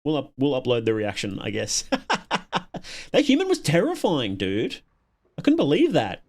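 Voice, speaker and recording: A man's voice: mid-range voice, wildly swooping pitch, moderate pace, darkish tone. An Australian man hosting a casual livestream, reacting to videos and chatting with viewers, often chuckling and repeating words as he thinks.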